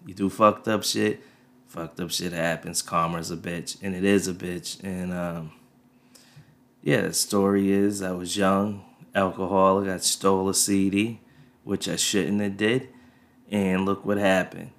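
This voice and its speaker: A man's voice: low-pitched, flat delivery, measured pace. A man in his thirties hosting a podcast, telling a rambling story on a desk mic, laid-back and full of profanity. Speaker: podcast host. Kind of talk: casual storytelling monologue. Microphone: desk USB mic. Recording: faint music underneath.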